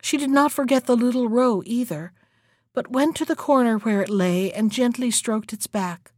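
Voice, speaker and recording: Woman, storybook narration, steady reading, slightly high voice, dry close recording. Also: normal speed, no echo.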